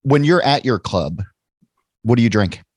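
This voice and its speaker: A man's voice: medium pitch, lively intonation, a little slow, slightly rough, dry recording. A man hosting a podcast interview, playful and encouraging in casual chat. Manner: playful, encouraging back-channel. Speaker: podcast host.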